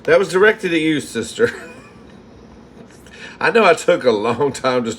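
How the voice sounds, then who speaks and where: A man's voice: a little high, lively intonation, slow, a little hiss or hum. A man hosting a live stream from his kitchen, telling a long campy story, laughing often and acting out customers. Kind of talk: casual storytelling to live chat. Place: home kitchen.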